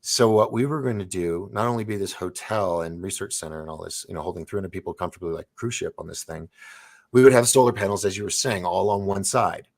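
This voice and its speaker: Excitable deep-voiced man telling stories. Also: fast, gravelly. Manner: rambling, excitable, with many restarts. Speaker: host. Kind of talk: casual storytelling chat.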